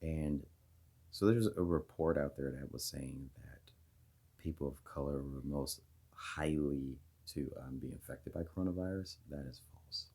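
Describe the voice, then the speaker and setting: A male video host with a warm bass voice and a breathy edge talks casually to his viewers in a monologue to camera. He rambles through ideas, using many fillers and restarts.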